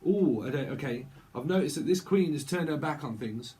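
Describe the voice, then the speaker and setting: Talking fast with hardly a pause, the middle-aged man gives a loose, rambling tarot channeling session, laughing a lot and skipping playfully from one word to the next. His mid-range voice is a little mellow, and there's a slight hiss or hum on the recording.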